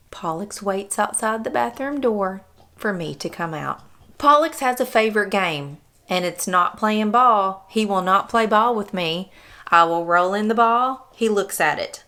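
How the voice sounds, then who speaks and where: Woman, home vlogger, chatty and affectionate, medium pitch, easygoing storytelling about her pet. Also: a bit bright. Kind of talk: casual vlog narration about her dog.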